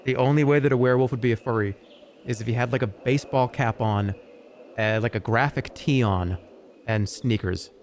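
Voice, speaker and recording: A man in his forties, a live streamer, chatting casually to his audience and arguing a point in a rambling, animated way with lots of fillers and some swearing. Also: medium pitch, fairly quick, a little hiss or hum. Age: 40s.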